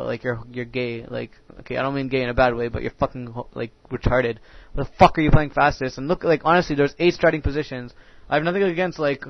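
Over footage of his own match, a young man with a mid-range voice delivers crude, ranting commentary thick with filler words. The sound comes from a dull, dry lo-fi mic with no room sound.

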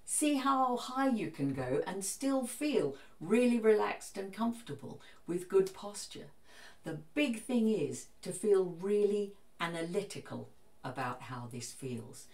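A woman giving a vocal coach's step-by-step singing lesson, with calm, encouraging instructions. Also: medium pitch, measured pace, roomy sound, far from the mic.

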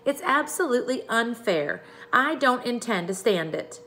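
Lady reading doing a cheeky loud little girl, high and bossy, storybook voice. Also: very animated, normal speed, a little hiss or hum. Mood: indignant.

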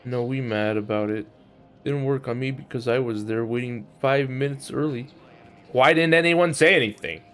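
While streaming a video game, a young man chats casually, swears through his jokes, and laughs a lot. He has a mid-range, fairly bright voice and a moderate pace.

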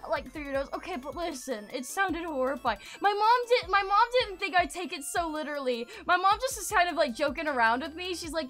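A woman streamer tells stories in a loose, animated way, stacking fillers and stopping to greet viewers. Her voice sits high and sounds sharp and bright. Faint music plays behind her. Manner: animated, rambling with many fillers, greets chat. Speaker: livestreamer. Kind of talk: casual storytelling chat.

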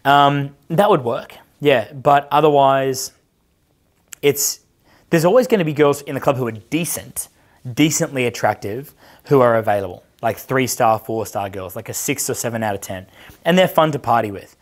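A man's voice: mid-range voice, moderate pace. A man in his thirties, a dating coach, giving a casual seminar talk and answering audience questions in a brash, profane, storytelling way. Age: 30s.

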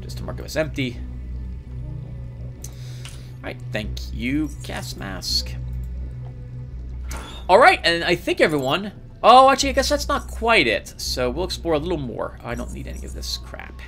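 A man hosting a let's play, chatting casually and rambling excitedly as he plays, laughing often. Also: fairly high pitch, moderate pace, pauses often, music in the background. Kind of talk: casual gameplay commentary.

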